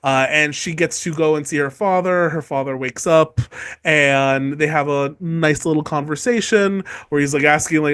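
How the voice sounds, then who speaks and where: A man hosting a casual book podcast, animated and laughing often as he acts out characters. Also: fairly high pitch, moderate pace, smooth, dry recording, clean studio sound. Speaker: podcast host. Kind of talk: casual book discussion chat.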